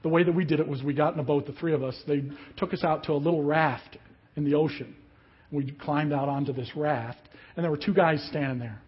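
A man preaching a sermon as a pastor, telling a story with lively acted-out voices. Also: fairly high pitch, fairly quick, slightly rough, lo-fi sound. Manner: animated storyteller, acts out voices of people in the story.

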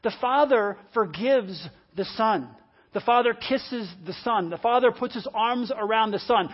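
A preacher delivering a sermon, repeating key phrases and swinging between loud, forceful lines and hushed ones. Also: medium pitch, lively intonation, measured pace, muffled recording.

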